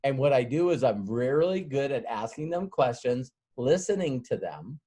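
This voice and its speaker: A man's voice: medium pitch, lively intonation, normal speed, dark tone, slightly rough. A middle-aged man leading a sales training session in a loose, folksy way. He rambles through a long story and acts out the dialogue as he goes, laughing often along the way.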